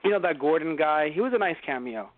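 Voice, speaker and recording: Rambly guy reviewing movies, kinda high voice, tinny phone-ish sound. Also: expressive, dry recording. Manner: rambling, jokey, does quick impressions. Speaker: podcast co-host. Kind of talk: casual movie review chat.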